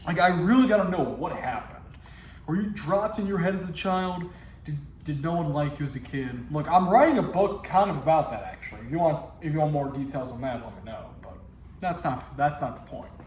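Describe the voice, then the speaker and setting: A man hosts his own video show, riffing and joking straight to the camera in loose comic commentary. His voice sits a little high and swings widely in pitch. The room around him rings with echo. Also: lively intonation, brisk, darkish tone, a little hiss or hum. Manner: jokey, riffing, talks straight to viewers. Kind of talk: casual comedic reaction commentary.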